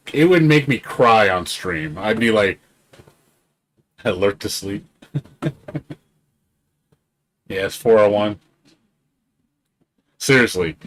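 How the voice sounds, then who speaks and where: A man streaming games live, rambling excitably in casual chat, swearing freely and laughing often. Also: fairly low pitch, a little hiss or hum. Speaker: game streamer.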